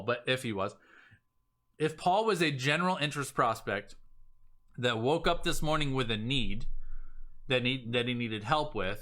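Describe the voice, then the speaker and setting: A man coaching on selling, talking casually and with energy, often acting out sample messages in a lively voice. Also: mid-range voice. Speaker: business coach. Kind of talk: casual teaching talk.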